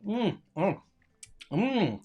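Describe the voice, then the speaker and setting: A teacher runs a live online lesson for children. The voice keeps up a steady stream of encouragement, reading pupils' answers aloud and piling on praise. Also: mid-range voice, drawn-out words, slightly rough, highs cut off. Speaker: primary school teacher.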